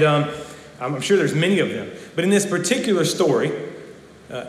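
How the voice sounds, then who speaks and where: A man's voice: a little high, a little hiss or hum. A man giving a sermon as a pastor, earnest and given to repeating words as he speaks. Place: church sanctuary. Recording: echoey church hall with long reverb.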